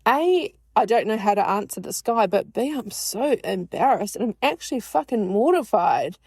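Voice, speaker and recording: Podcast host, woman, 40s, frank and unfiltered, swears easily, laughs a lot, medium-pitched voice, dry recording. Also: animated, normal speed, darkish tone, husky, no echo. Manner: blunt and frank, swears freely; laughs often while talking. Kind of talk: candid personal monologue.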